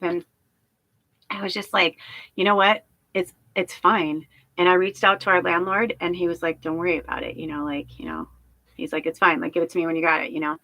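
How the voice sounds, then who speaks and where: Woman, rambling emotional livestream talk, swears a lot, dry close sound, mid pitch. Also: a bit bright, dry recording, poor audio. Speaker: spiritual medium streamer. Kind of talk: candid livestream monologue.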